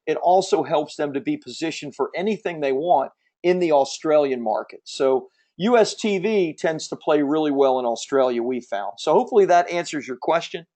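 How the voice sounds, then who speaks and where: Emphatic salesman hosting a webinar, fairly high. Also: a little mellow. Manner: emphatic, persuasive salesman, repeats key points; reads and answers audience questions from chat. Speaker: webinar host selling publishing services. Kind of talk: live sales webinar pitch.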